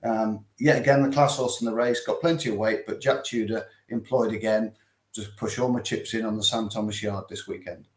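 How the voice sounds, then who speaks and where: A man giving racing tips in a casual chat, joking with dry humour and filling his pauses with ums. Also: on the low side, steady tone. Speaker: racing tipster. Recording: roomy echo.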